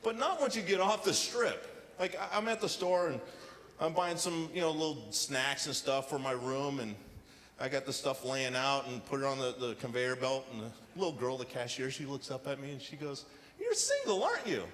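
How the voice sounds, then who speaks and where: A man performing a stand-up comedy set with deadpan storytelling and acted-out quotes, on a casino showroom stage. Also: medium pitch, moderate pace, slight background noise. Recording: live hall reverb with faint ambience.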